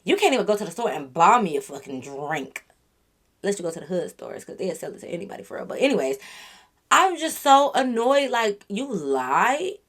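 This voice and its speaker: A woman's voice: sits low, fast talker, breathy edge. A young woman telling a storytime on her channel, ranting bluntly and with lots of profanity at someone who lied to her. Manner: animated, blunt and profane, venting at the listener. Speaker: YouTube storyteller. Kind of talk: casual storytime rant.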